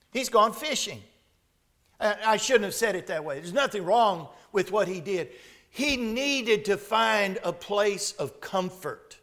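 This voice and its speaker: A man preaching a sermon, retelling a Bible story with dramatic shifts between loud and hushed delivery. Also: high-pitched.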